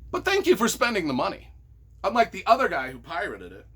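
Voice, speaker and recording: Husky, lively-voiced sarcastic man. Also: high voice, fairly quick. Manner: mock-earnest, playfully sarcastic, stumbles over words. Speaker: novelist reading reviews of his own books. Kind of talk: casual sarcastic commentary.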